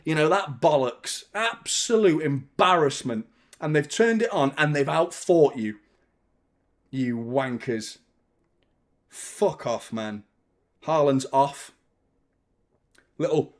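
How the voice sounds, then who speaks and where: A man's voice: on the high side, expressive, slow pace, pauses often, fairly bright tone. A young man hosting a live football watchalong, ranting and swearing constantly in exasperation. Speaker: fan channel host.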